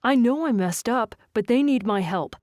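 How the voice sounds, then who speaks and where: A woman's voice: on the high side, lively intonation, normal speed, a little mellow, dry recording, clean studio sound, close to an everyday voice. A woman narrator voicing an earnest, apologetic young man pleading with his ex in an audiobook. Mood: defensive. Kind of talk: audiobook character voice.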